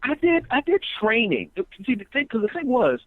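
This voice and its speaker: A man's voice: very high voice, wildly swooping pitch, normal speed, no echo, narrow, tinny audio. A man, a comedian guest, telling stories in an interview, rambling with restarts and acting out quotes. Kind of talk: storytelling interview chat.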